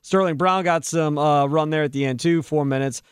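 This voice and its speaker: On postgame sports talk radio, a male host with a fairly high voice breaks down the box score and launches into animated, heated rants about roster moves. He speaks at a moderate pace with a clean tone, and the studio recording is clean with no room sound.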